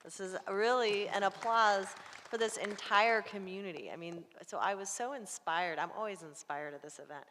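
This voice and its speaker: A woman's voice: medium pitch, normal speed, fairly bright tone, slight background noise. Earnest woman speaking in a hall. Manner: earnest, heartfelt. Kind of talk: public meeting remarks. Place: school board meeting room. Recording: echoey meeting hall.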